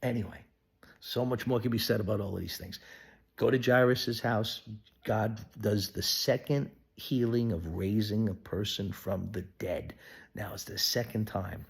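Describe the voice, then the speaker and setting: A man giving an earnest devotional Bible teaching, sometimes dropping to a hushed whisper. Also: on the low side, unhurried, gravelly, husky. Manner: acts out quoted voices of people in the story. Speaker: pastor.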